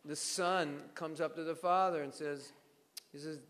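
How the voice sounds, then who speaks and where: A man giving a devotional scripture class, telling stories in an animated way and acting out bits of dialogue. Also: fairly high pitch, measured pace, in a large hall.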